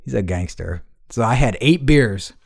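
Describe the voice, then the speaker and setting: Animated, foul-mouthed male podcast host. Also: medium pitch, normal speed, gravelly. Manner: profane, rambling storytelling to an old friend. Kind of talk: casual chat.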